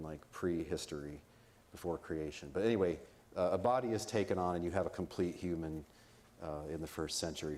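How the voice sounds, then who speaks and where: Low-voiced man giving a casual lecture. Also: darkish tone, slight background noise. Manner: conversational, joking, explains in plain terms. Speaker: conference speaker. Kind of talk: informal academic lecture. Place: conference venue.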